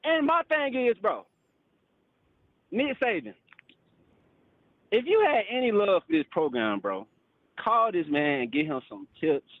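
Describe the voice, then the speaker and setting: Frustrated guy calling in, real high voice, cussing and saying bro a lot, dull dry phone sound. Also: big pitch swings, measured pace, pauses often, no room sound. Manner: frustrated, profane, repeats "bro" and "literally". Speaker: caller. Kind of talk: heated call-in rant.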